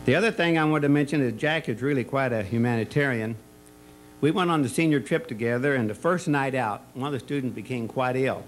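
A man's voice: medium pitch, brisk, a little hiss or hum, poor audio. Rambling folksy man telling party stories. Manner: rambling storyteller who tells jokes with many restarts and fillers. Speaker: retirement party speaker, former school colleague. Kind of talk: folksy anecdotal speech at a party. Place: party or banquet room.

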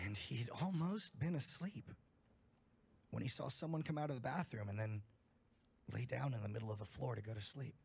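A man's voice: fairly low pitch, gravelly, breathy edge. A man reading a campfire horror story aloud in an emphatic storytelling manner, full of swearing.

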